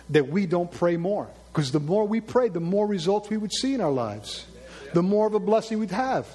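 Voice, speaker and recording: High husky guy preaching, telling a funny story to the church, doing the voices. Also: dark tone. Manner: storytelling, acts out characters, asks the congregation questions. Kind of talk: sermon with a told joke story.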